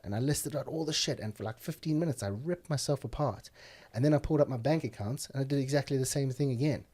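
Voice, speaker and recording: A man's voice: mid-range voice, a little fast, dark tone. A man talking as a podcast guest, telling blunt, profane stories in casual conversation. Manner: blunt, profane, heated storytelling.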